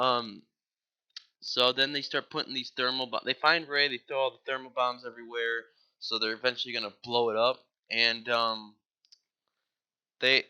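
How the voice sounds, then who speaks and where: Bright-voiced rambling man recapping a movie. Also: mid-range voice. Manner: rambling, heavy use of "like", casual swearing. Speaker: movie reviewer. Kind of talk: casual plot recap.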